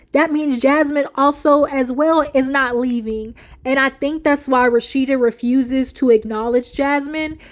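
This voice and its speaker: High-voiced woman, chatty reality TV recap, plays out the quotes. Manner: animated storyteller, slips into the voices of the people she quotes, laughs often. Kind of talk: casual chat, retelling with acted quotes.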